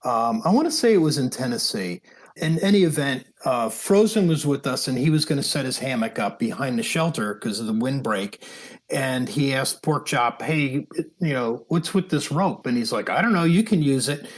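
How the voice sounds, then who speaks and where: A man, a podcast guest, telling hiking stories in an animated, chatty way and often laughing. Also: medium pitch, normal speed. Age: older. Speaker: podcast guest, thru-hiker. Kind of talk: casual storytelling interview.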